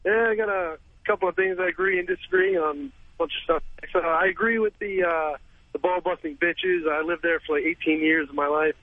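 A man's voice: fairly high pitch, fairly even intonation, a little fast, no echo. A man calling in to a radio show, speaking casually and hedging his points. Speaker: caller. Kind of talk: call-in talk radio. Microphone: telephone. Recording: tinny phone line.

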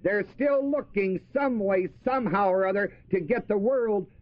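Delivering a sermon at normal speed in a high voice, a man puts questions to his audience and answers them, repeating important words for emphasis. The recording is dry, dull and lo-fi.

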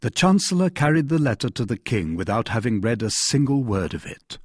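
Man reading a classic novel, lots of pitch swing, husky, dry close sound. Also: dry recording. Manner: expressive, measured reading. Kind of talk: audiobook narration of a classic novel.

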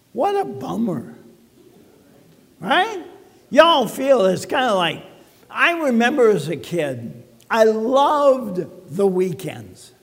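High, lively-voiced pastor preaching slowly. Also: male voice, long reverb tail. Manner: conversational preaching with rhetorical questions. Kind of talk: sermon. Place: church sanctuary.

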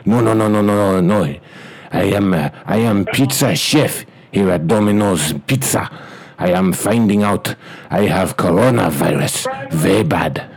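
A man's voice: low voice, a little slow, vocal fry. A man putting on a bumbling pizza caller in broken English. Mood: grave. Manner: clipped broken-English phrasing, stiff and formal. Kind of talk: prank phone call.

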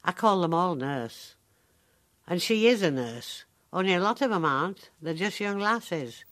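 An actress playing a sharp-tongued, ninety-five-year-old woman in a care home, telling her story in a dry, deadpan, wry way with a Northern English accent. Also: lowish voice, measured pace. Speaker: monologue character. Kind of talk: dramatic monologue.

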